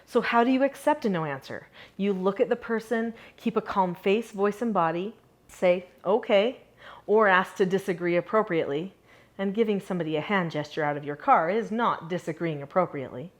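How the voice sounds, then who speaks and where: A middle-aged woman talks straight to the camera about raising children. Her voice sits at a mid pitch, and she shifts between energetic emphasis and a softer, calmer way of speaking. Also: brisk. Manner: upbeat, shifts between animated and calm delivery. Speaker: parenting educator. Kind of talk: direct-to-camera parenting lesson.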